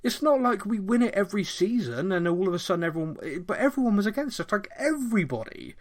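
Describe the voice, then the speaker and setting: A middle-aged man from Bristol with a mild Bristolian accent, co-hosting a podcast in a rambling, animated casual chat. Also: high voice, quick pace. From Bristol, England. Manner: animated, rambling, thinks aloud. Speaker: podcast co-host.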